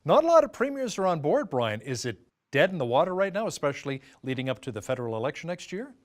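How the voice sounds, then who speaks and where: Brisk male news anchor. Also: fairly high pitch, very animated. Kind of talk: news interview hosting.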